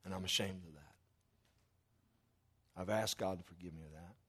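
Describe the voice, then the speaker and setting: A middle-aged man preaching a sermon, earnest and apologetic, growing louder when he stresses a point. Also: deep voice, moderate pace, slightly rough. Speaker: pastor.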